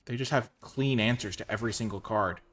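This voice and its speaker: A man commentating his own card game matches casually, excitable and full of exclamations. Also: on the low side, fairly quick, a little hiss or hum.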